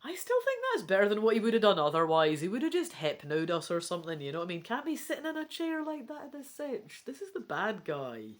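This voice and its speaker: A woman's voice: medium pitch, wildly swooping pitch, fast, few pauses. A woman reading a gamebook aloud and chatting through her choices, with self-mocking asides and the occasional whisper. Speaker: gamebook reader.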